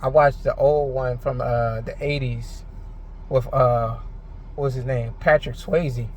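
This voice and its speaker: A man's voice: mid-range voice, fairly even intonation, unhurried, a little hiss or hum. A frustrated man ranting in a rambling, heated monologue, full of filler words and swearing. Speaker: vlogger. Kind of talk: unscripted monologue to camera.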